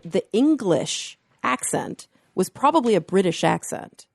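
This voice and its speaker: A woman's voice: mid-range voice, big pitch swings, unhurried, creaky, a little mellow, no room sound, clean studio sound. A woman co-hosting a podcast, musing in loose phrases full of fillers. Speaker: podcast co-host. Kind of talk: casual panel discussion.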